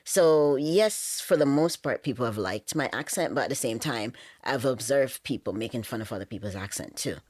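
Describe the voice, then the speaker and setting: Jamaican woman guest, very deep voice, dry close sound, candid, filler-heavy chat. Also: lively intonation, moderate pace, few pauses, a little mellow, no echo. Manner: candid, frequent "you know" fillers. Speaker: podcast guest. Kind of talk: casual conversation.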